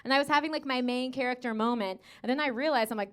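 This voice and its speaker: An American woman in her thirties doing a stand-up comedy set, with sassy asides and gushing put-on voices for the people she quotes. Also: sits high. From United States. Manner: sassy, rapid asides with frequent okays. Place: comedy club stage with a live audience.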